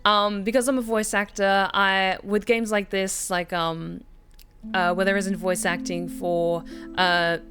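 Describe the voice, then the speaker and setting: A woman voice actor chats casually and upbeat during a live game stream with background music, full of fillers and laughs. Her mid-range voice has little pitch movement and an unhurried pace.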